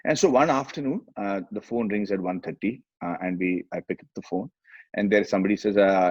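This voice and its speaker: A middle-aged man with an Indian English accent, telling animated stories in a casual chat and acting out the voices he quotes. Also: on the low side, a little fast, husky, dry recording, dull audio. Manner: animated, switches between English and Hindi, acts out quoted voices. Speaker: guest, film actor.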